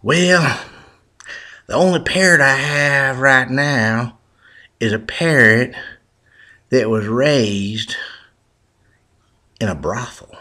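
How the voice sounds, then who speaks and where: A man's voice: mid-range voice, slow, long pauses, bright, forceful tone, voice pushed up. A man voicing a cautious male pet shop owner who hesitantly warns a customer.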